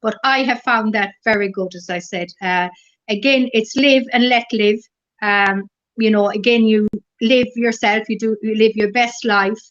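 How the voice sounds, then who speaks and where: A middle-aged Irish woman chats as an interview guest, gentle and meandering, her thoughts looping back with "as I said." Her voice sits at an ordinary middle pitch. The recording is dull and a bit lo-fi. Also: steady tone, unhurried. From Ireland. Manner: gentle, rambling storyteller with many fillers. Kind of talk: casual interview.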